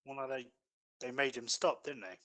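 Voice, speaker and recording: A man co-hosting a casual podcast, talking hesitantly with frequent ums and trailing off quietly. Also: mid-range voice, normal speed. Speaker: podcast co-host. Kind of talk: casual chat.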